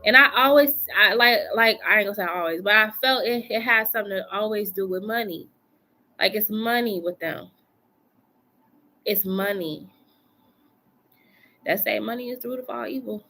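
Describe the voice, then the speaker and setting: Bright-voiced woman giving tarot reading. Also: medium pitch, moderate pace, pauses often. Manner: chatty, colloquial, repeats phrases for emphasis. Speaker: tarot reader. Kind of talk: casual live-stream reading. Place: home.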